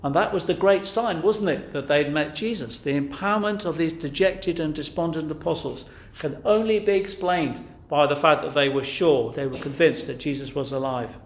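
Speaking at a normal speed, a preacher pleads earnestly in his sermon and keeps confronting the audience with direct questions. His voice is slightly higher than most men's, and the room around him is echoey.

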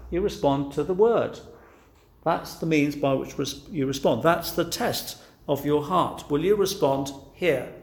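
A man's voice: on the high side, a little slow, gravelly, darkish tone. A man preaching a sermon, earnest and pleading, pressing his listeners with rhetorical questions. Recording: echoey room.

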